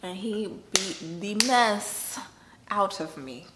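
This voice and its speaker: A woman telling a funny story in casual chat, animated, laughing, acting out voices. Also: mid-range voice, slow pace. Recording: echoey room with noise.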